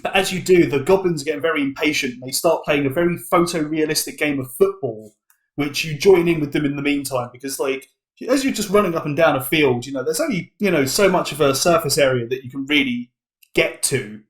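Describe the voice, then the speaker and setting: A man's voice: a little high, animated, fairly quick. A British man running a comedic tabletop game as game master, narrating in a rambling, playful way. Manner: rambling, playful, full of "basically" and "like".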